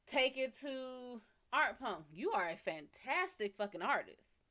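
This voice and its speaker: A woman's voice: a little high, very animated, a little slow, sharp tone. A woman hosting a live psychic reading stream, giving casual advice bluntly and swearing freely. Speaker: psychic reader and livestream host.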